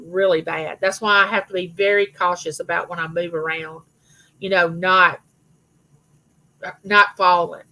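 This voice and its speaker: On a casual livestream, a middle-aged woman chats with her viewers, greeting them by name and wandering through long personal stories. Her voice sits at a medium pitch with a slightly bright quality, and the audio is poor.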